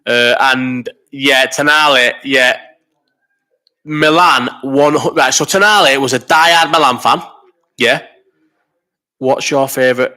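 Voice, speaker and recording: Guy in his 30s, bright sharp voice, rambling and swearing, bit ill with a cough. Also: mid-range voice. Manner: rambling and sweary, quick banter. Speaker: host of a live chat stream. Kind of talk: casual chat reading viewer comments.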